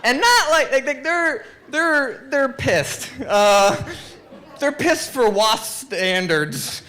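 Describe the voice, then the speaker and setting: A man from Pennsylvania telling a comic true story on a live stage, animated, acting out quotes and peppering it with "like". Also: extremely high pitch, slow, a little hiss or hum. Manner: animated, acts out quotes, many "like"s.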